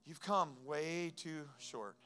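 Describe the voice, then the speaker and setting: A man preaching a sermon as a pastor, telling a personal story that moves between hushed moments and loud, emphatic passages. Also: on the high side, slow pace, faint music behind. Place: church sanctuary.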